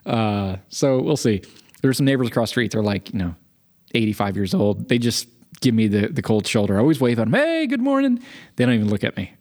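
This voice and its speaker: A fast-talking man with a lowish voice co-hosts a podcast. He is described as in early middle age and also as a young adult. In casual chat he tells self-deprecating stories, acting out the people in them with animated impressions.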